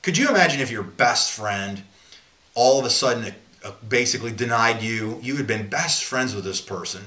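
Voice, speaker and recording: Man, mid-pitched, informal Bible teacher, earnest and rambling, recorded in an echoey room. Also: expressive, moderate pace, sharp tone. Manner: earnest, rambling, often restarts sentences.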